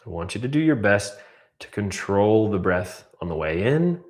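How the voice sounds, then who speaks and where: A man coaching a guided breathwork class, calmly cueing breaths and counting down holds. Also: fairly low pitch, normal speed. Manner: calm, counts down and cues breaths.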